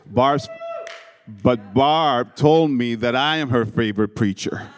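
A man's voice: mid-range voice, slow. A man giving a sermon to a congregation and telling personal stories with humor, speaking English with a non-native accent. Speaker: guest preacher. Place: church hall before a congregation. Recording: long reverb of a large hall.

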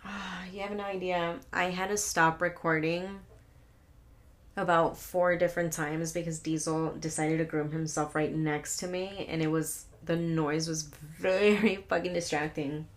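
A woman's voice: deep voice, steady tone, measured pace. A young woman hosting a solo podcast, telling rambling stories with lots of swearing and laughing asides. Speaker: podcast host. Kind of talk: casual solo podcast storytelling.

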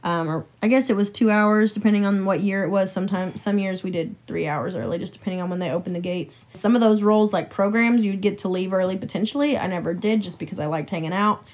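Woman co-host explaining calmly. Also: mid-range voice, quick pace, few pauses. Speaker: podcast co-host. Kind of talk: casual chat.

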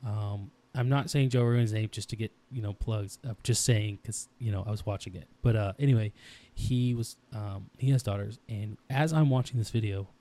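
Low, mellow-voiced dad rambling intensely. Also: male voice, moderate pace, few pauses. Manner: rambling, intense, restarts often. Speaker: podcast co-host. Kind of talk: casual podcast chat.

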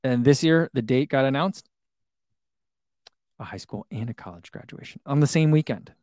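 A man in his thirties who vlogs about running shoes chats on a live stream, reading viewer comments aloud, rambling and chuckling. His voice is slightly high and a little mellow, captured as clean, echo-free studio sound.

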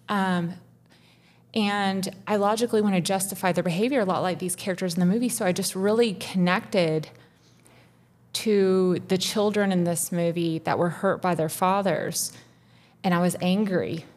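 A woman's voice: lowish voice, steady tone, normal speed, a little mellow. A woman co-hosting a podcast, pouring out a raw, intense personal confession with frequent swearing. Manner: raw, intense, profane, rising to tearful. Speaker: podcast co-host.

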